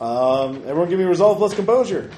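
Male game master, halting narrator, echoey room recording. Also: high-pitched, expressive, mellow. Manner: halting, with many ums and uhs. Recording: echoey room with faint noise.

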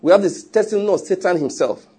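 A pastor delivers a sermon in a slightly raised, husky voice. His tone stays mellow and dark even as he presses his points home. He teases his listeners and repeats himself for emphasis. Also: high voice, very fast. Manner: emphatic, teasing preaching with repetition.

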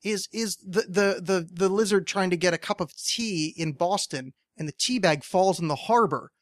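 A man with a high voice for his sex, talking in loose podcast banter. He rambles and gets exasperated, swearing freely. The sound is close and dry, with no room around him. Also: moderate pace, no echo. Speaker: podcast co-host. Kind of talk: casual podcast chat. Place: studio.

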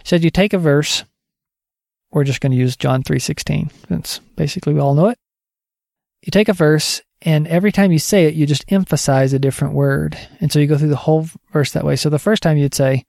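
A man's voice: fairly high pitch, steady tone, fairly quick, vocal fry, a little mellow, dry recording, studio quality. A man giving a casual spoken teaching update on discipling others, conversational and digressive, thinking aloud as he goes.

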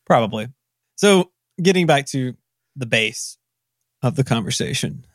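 A man's voice: mid-range voice, expressive, measured pace, dry recording. Chatty Southern man, dry close sound. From American South. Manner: self-deprecating, rambling asides. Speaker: podcast co-host. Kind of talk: casual technical discussion.

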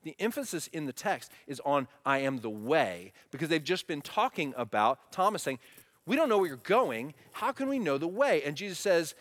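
A man in his thirties preaching a sermon, animated and asking the congregation questions. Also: a little high, a little fast. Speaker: pastor. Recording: long hall reverb.

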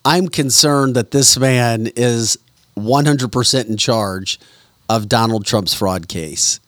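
A man's voice: mid-range voice, takes it slowly, fairly bright tone, dry recording, studio quality. A man hosting a podcast, giving political commentary with many "um" fillers. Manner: talks it through with many "um" fillers. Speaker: podcast host.

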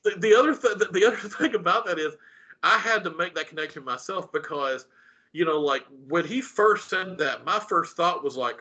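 Bright-voiced man rambling casually. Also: high voice, animated, normal speed. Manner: rambling, self-interrupting. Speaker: podcast co-host. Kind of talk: casual chat about a TV show. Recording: dull lo-fi recording.

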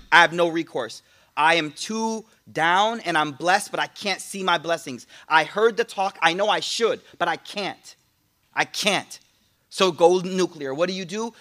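A man, likely in his late twenties or thirties, giving a casual motivational talk to an audience, telling funny stories and acting out other people's voices. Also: a little high. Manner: animated storytelling with jokes and quoted voices.

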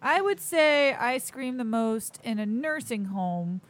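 A woman teasing in slow casual banter. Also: on the high side, expressive.

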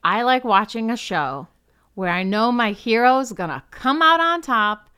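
A woman's voice: on the high side, animated, sharp tone, clear, resonant tone. A woman chatting casually as a guest on a podcast, enthusiastic and full of fillers. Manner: enthusiastic, quick, lots of likes.

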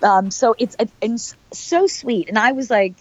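A woman's voice: fairly high pitch, a little slow, dry recording, muffled recording. A middle-aged woman, an actress being interviewed, chatting in a bubbly, rambling way and laughing often. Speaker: actress guest. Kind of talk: casual interview chat.

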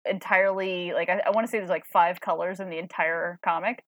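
A woman's voice: fairly low pitch, steady tone, a little fast, highs cut off. A woman co-hosting a comic book podcast, chatting casually in a rambling way. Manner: chatty, rambling, many fillers and restarts. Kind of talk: casual chat.

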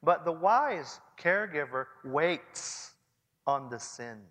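A man in his forties preaching a sermon earnestly, swinging between hushed and loud passages. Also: a little high, animated, slow. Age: 40s. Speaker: pastor. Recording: long hall reverb.

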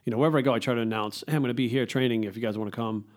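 A middle-aged man, a fitness coach, chatting as a podcast guest and telling stories in a quick, profane, animated way. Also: mid-range voice. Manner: fast, profane storytelling. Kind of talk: casual interview chat.

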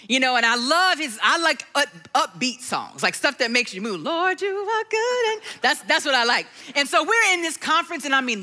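A middle-aged woman giving a personal testimony sermon, telling her story and slowing to a hush for sung lines. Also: on the high side. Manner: storytelling, softens to a hush and sings lyrics slowly. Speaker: worship speaker.

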